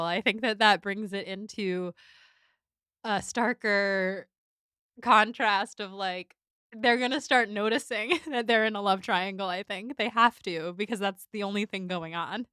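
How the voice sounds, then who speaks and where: Woman podcast cohost chatting about a book, lots of like and kind of, clear smooth voice, dry close sound. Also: mid-range voice, steady tone, a little slow, pushed and bright, no echo. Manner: chatty, many "like" and "kind of" fillers. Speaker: podcast co-host. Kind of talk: casual book discussion.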